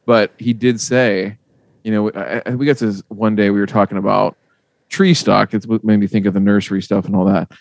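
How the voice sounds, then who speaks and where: Midwestern male podcast host, gravelly and fairly low, dry close sound; casual, salty, animated storyteller. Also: brisk, dry recording. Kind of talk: casual chat.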